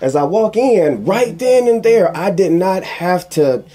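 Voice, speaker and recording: A man giving casual commentary, telling a personal story in an animated, emphatic way that repeats phrases for emphasis. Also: sits high, a little slow, husky. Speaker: commentary vlogger.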